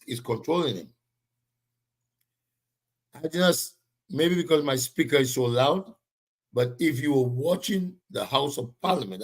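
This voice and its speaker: A man with a husky, slightly rough voice hosts a live-streamed political talk. He speaks heatedly and with emphasis, stopping now and then to greet viewers by name. His pitch sits in an ordinary middle range. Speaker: political commentary show host.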